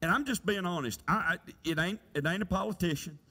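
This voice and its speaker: A man's voice: sits high, a little fast, sharp tone, slightly rough. A middle-aged man preaching a folksy, conversational sermon in a church, asking the congregation rhetorical questions. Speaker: pastor. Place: church sanctuary. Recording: church hall reverb.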